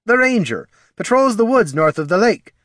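A man's voice: high voice, sing-song, normal speed, fairly bright tone, dry recording, studio quality, pitched above the performer's own voice. A man putting on an old dwarf villager, raised eager voice, storybook. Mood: helpful.

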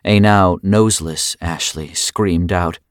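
A man narrating a dark audiobook chapter in a grave, measured manner. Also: sits low, steady tone, dry recording, studio quality. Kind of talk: scripted narration.

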